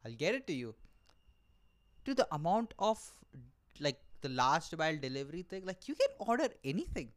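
A young man who hosts a solo comedy podcast, animated and profane and mocking himself. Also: fairly high pitch, moderate pace. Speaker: podcast host. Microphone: camera mic.

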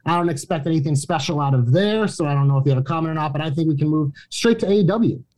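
A man's voice: fairly high pitch, fast talker, a little mellow. A man hosting a wrestling podcast, loose and casual, swearing and running through plugs.

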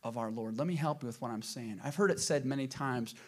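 A man preaching a sermon as pastor in a church, swinging between loud emphatic bursts and soft low asides, asking the congregation questions. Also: fast. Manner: asks the congregation rhetorical questions.

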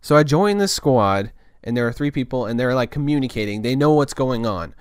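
A man's voice: medium pitch, lively intonation, brisk, clear, resonant tone, no echo, clean studio sound. A young man telling a casual story in a loose, rambling way, full of restarts and filler words.

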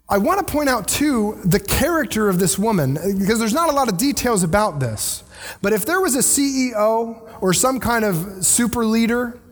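A man preaching a sermon in a casual, conversational way, with animated paraphrases of the text he reads. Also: high voice, long reverb tail. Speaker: pastor.

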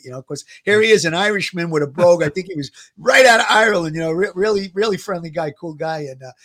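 A man's voice: fairly high pitch, a bit bright. New man, co-host of a talk show, chatty and rambling, drifts through stories with many fillers. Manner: rambling, full of "uh" fillers and repeats. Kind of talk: casual chat.

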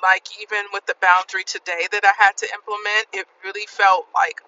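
A woman's voice: mid-range voice, level tone, a little fast, few pauses, bright, forceful tone, distant mic, dull audio. A woman talking casually in a motivational vlog while driving, often adding "right?" to her points. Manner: chatty, says "right?" often. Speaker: vlogger. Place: inside a car, driving. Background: vehicle noise.

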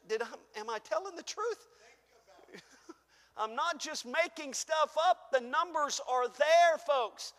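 A man's voice: extremely high pitch, big-room sound. A man preaching a fervent sermon as pastor, calling out to his congregation and laughing between points. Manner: fervent preaching, rising and shouting, then chuckling asides. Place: church sanctuary.

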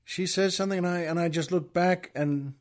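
A man hosting a show, telling a comic story in an animated way, stammering as he acts out the outbursts. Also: sits high, a little fast. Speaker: podcast host.

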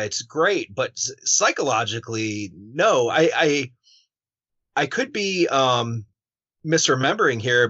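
Male podcast host, measured, reflective, hedging, bright sharp voice, dull lo-fi sound. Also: medium pitch. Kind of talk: interview. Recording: dull lo-fi recording.

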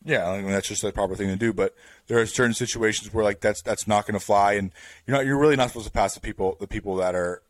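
Laid-back man telling a story, low voice. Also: quick pace. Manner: rambling, filler-heavy with "like" and "bro"; animated, builds up to louder bursts. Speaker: podcast host. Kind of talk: casual storytelling chat.

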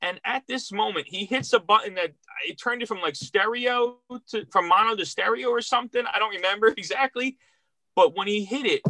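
A middle-aged record store worker from Philadelphia tells stories in a casual interview, rambling and heartfelt with many restarts. His high-sitting voice is brisk, pushed and bright, with no room sound.

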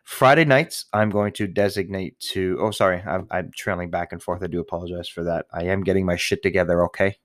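A man's voice: deep voice, steady tone, fairly quick, hardly any pauses, no echo, clean studio sound. A young man, a new father, talking casually and candidly to the camera, rambling, swearing often and laughing at himself. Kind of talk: casual personal monologue.

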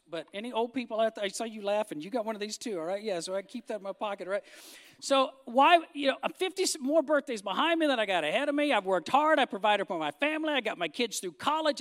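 A man's voice: sits high, fairly bright tone, in a large hall. A man, giving a folksy, joking sermon-style talk to a crowd, rising to emphatic bursts. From Arkansas. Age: 50s. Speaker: speaker addressing a church crowd. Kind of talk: humorous sermon-style speech.

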